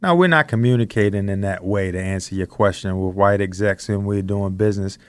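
A man co-hosting a podcast, talking in an earnest, reflective way as he slowly builds his points. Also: fairly low pitch, clean tone, dry recording. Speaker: podcast co-host. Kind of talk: casual discussion.

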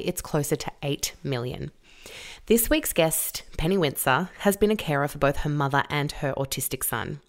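A woman hosting a podcast, introducing her guest and chatting in an upbeat way. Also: low-pitched. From Australia. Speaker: podcast host. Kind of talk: podcast interview.

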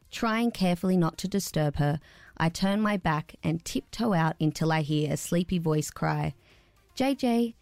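A woman, a radio producer, reading her own story aloud with a careful, expressive delivery. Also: lowish voice, no room sound.

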